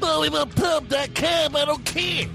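A man doing a high creaky mock impression. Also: unhurried, music in the background, exaggerated voice. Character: man mimicking another comic's impression. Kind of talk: comedy bit played back.

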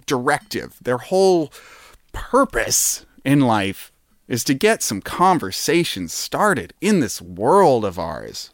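A man hosting a solo show in a playful, meandering way, stopping and restarting often. His pitch swings widely, but he takes his time. The sound is dry and close. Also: no room sound. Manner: playful, rambling, lots of fillers and restarts. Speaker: podcast host. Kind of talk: casual solo rambling.

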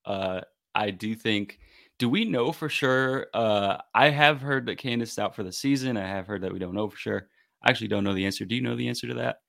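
A man's voice: on the low side, fairly quick, gravelly, a bit bright, dry recording, clean studio sound. A man co-hosting a podcast, chatting casually and thinking aloud in long, qualified sentences. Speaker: podcast co-host. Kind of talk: casual sports chat.

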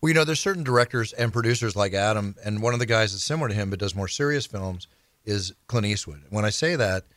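Fast-talking low-voiced host. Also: male voice, lively intonation, a bit bright, dry recording. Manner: enthusiastic, leading storyteller asking questions. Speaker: show host. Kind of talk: interview.

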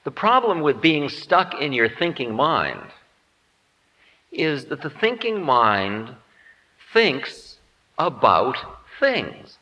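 A man's voice: fairly high pitch, very animated, slow pace, pushed and bright. A man giving a humorous spiritual lecture in a musing, wry, self-mocking way. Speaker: spiritual teacher. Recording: dull lo-fi tape in reverberant hall.

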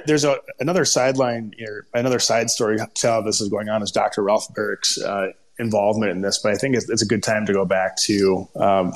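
A man with a Minnesota accent, co-hosting a podcast and explaining research history off the cuff, with frequent restarts and cut-off words. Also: mid-range voice. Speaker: podcast co-host, scientist.

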